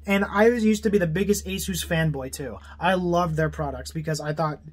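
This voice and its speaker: A young man from Canada vents straight to his viewers, heated and exasperated. His voice sits a little high, and he swears freely as he rants. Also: fairly quick, slightly rough. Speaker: vlogger. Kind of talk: angry rant to camera.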